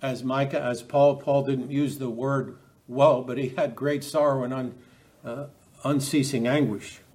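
A man's voice: mid-range voice, steady tone, measured pace, darkish tone. A man preaching a sermon, often restarting and repeating words as he quotes scripture.

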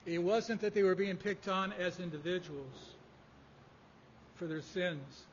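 High-voiced preacher in a reverberant hall. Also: male voice, steady tone, a little hiss or hum. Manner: measured, emphatic preaching. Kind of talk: sermon. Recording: dull lo-fi audio in a reverberant hall.

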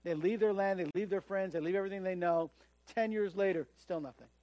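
A man's voice: sits high, brisk, dry recording, highs cut off. A man preaching a sermon in a conversational way, often acting out the voices of the people he quotes. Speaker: pastor.

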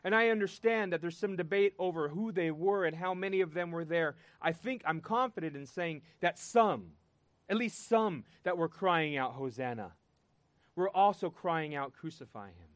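A man preaching a sermon, earnest and emphatic, pausing and repeating words for weight. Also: sits high, no echo.

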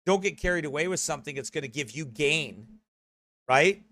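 A man's voice: a little high, lively intonation, normal speed, bright, forceful tone. A man preaching a sermon in a conversational, earnest way, often correcting himself.

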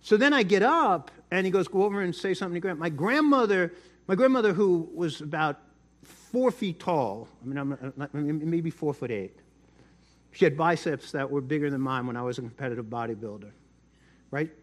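A middle-aged pastor preaches a sermon, telling a personal story in a chatty way and often repeating words. His voice is fairly high and animated, at a moderate pace.

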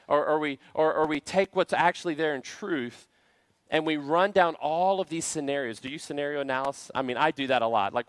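A man's voice: on the high side, fast, fairly bright tone, smooth, no room sound. A man preaching a sermon to a church congregation, earnest and full of rhetorical questions. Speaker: pastor. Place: church service.

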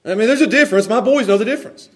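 A man preaching a sermon, animated, laughing often and repeating words as he goes. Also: sits high, racing. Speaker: pastor.

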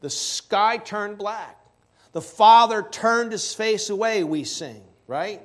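A man preaching a sermon, stressing key words slowly and asking rhetorical questions. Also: high-pitched, lively intonation.

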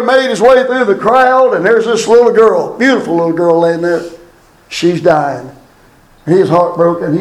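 A man preaching a funeral sermon, loud and fervent, with drawn-out lines. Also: sits high. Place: church or funeral hall. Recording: echoey room from far off.

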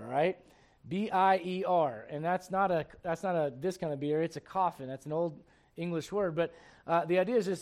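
A man preaching a sermon, chatty and repetitive with asides to the listeners, swinging from hushed tender passages to loud shouting bursts. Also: fairly high pitch. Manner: repeats words, folksy asides to the congregation.

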